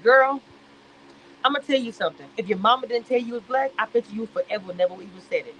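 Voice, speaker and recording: A woman giving sassy, animated reality-show commentary on a live stream. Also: on the high side, fast talker, slight background noise, low-quality recording.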